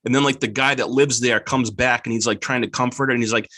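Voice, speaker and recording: A man's voice: mid-range voice, fairly even intonation, quick pace, bright, forceful tone, dry recording, clean studio sound. A man guest on a podcast, rambling casually about a movie, filling nearly every phrase with "like" and laughing easily. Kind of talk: casual chat.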